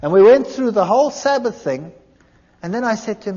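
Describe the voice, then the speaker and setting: A man giving a personal testimony, telling his story in an animated way and acting out the dialogue. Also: high voice, a little fast. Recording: dull lo-fi recording in a large reverberant hall.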